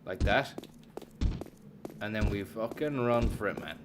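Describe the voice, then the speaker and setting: A man's voice: lowish voice, unhurried, noisy background. A young man, tired and yawning, commenting on a game as he plays and cursing freely while thanking viewers by name. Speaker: streamer. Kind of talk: live gameplay commentary.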